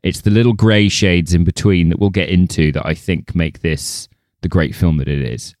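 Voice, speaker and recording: A man's voice: low voice, steady tone, moderate pace, darkish tone, no room sound, studio quality. A man co-hosting a film podcast, talking casually and wryly, repeating words as he builds his points. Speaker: podcast co-host.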